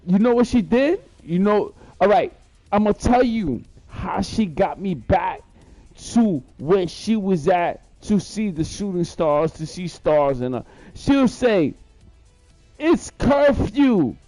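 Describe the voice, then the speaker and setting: A man's voice: high-pitched, lively intonation, slow, mellow, dry recording, faint music behind. A man rambling through a profane, boastful story in a live-stream monologue, repeating himself as he goes.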